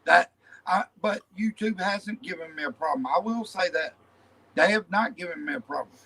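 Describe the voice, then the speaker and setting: A man's voice: high-pitched, moderate pace, bright, forceful tone, slightly rough, poor audio. A man hosting a casual panel chat about his beliefs, blunt and rambling, repeating himself as he talks. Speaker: channel host.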